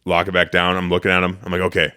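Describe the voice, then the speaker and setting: A podcast host with a low, smooth voice talks rapid-fire as he tells a story. He's casual and animated, swears, and acts out what he said.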